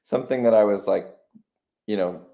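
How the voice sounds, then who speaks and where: Low-voiced American musician in his thirties. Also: normal speed, gravelly, warm tone. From United States. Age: 30s. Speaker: musician guest. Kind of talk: casual chat.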